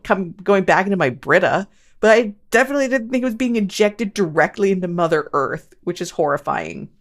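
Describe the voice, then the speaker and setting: A woman hosting a paranormal podcast, chatting casually and making self-mocking asides to listeners. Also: on the low side. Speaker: podcast host. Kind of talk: casual podcast chat and reading news quotes.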